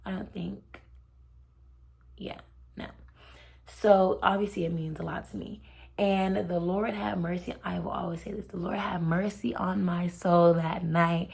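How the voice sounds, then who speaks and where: Young woman, storytime vlogger, low gravelly voice, casual and heartfelt, slips into near whispers. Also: darkish tone. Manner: chatty and heartfelt, often drops to a near whisper. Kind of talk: casual faith storytelling to camera.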